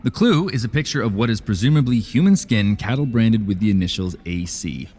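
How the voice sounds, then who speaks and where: A man's voice: fairly low pitch, expressive, a little fast, darkish tone, faint music behind. An actor playing a dry, sarcastic male podcast host and journalist who loses patience with callers. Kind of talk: scripted audio drama podcast.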